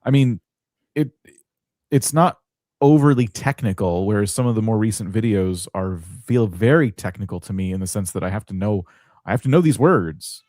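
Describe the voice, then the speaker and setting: A man's voice: lowish voice, lively intonation, normal speed, a little mellow, no echo, clean studio sound. A man co-hosting a live stream channel review, talking things through in a thoughtful, analytical way.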